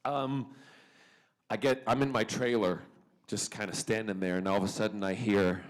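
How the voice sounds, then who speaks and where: A man's voice: fairly low pitch, fairly even intonation, moderate pace. A man at a fan convention panel, telling stories to the crowd in a playful, theatrical way and laughing often. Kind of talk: animated anecdote telling to a crowd. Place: convention hall stage.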